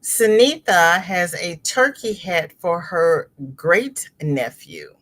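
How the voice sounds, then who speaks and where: A middle-aged woman hosting a crochet livestream, chatting casually with viewers and reading their comments aloud, chatty and expressive, with sudden exclamations. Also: on the low side, slow pace.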